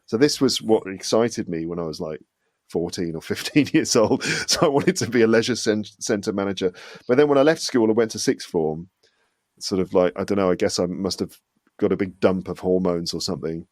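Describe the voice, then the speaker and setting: A man in his forties with an English accent and only a faint West Midlands trace, talking in a lowish voice. He chats easily and pokes fun at himself as an interview guest. The sound is dry and close. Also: fairly quick, darkish tone, no echo. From England, West Midlands (Solihull). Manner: chatty and self-deprecating, laughs often, mimics voices. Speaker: guest, English teacher and podcaster. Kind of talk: casual interview chat.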